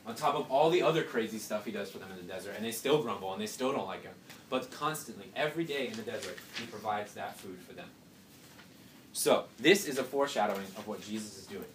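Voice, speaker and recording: A young man with a slightly low voice leads a casual Bible study, talking through the passage in a chatty way and dropping in rhetorical questions and jokes. He sits back from the microphone in a roomy, echoing space. A faint background hum runs underneath. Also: expressive, quick pace. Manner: conversational, rhetorical questions, joking asides. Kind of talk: casual scripture teaching. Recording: roomy, distant mic, faint background noise.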